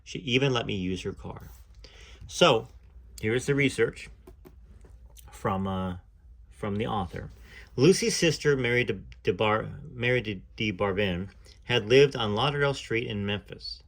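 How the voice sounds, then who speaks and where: A man reading a first-person story aloud in a measured way, now and then pausing to add his own asides. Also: lowish voice, expressive, fairly bright tone.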